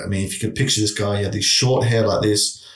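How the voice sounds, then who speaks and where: A man's voice: on the low side, fairly even intonation, fast talker, far from the mic. A middle-aged man, telling a long story in casual chat, with many restarts. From Australia. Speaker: guest. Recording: echoey room.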